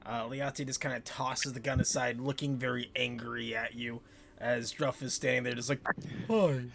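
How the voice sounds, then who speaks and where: Gravelly, bright-voiced game master. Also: male voice, medium pitch, flat delivery, normal speed, a little hiss or hum. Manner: casual, joking narration. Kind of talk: narrating a tabletop game.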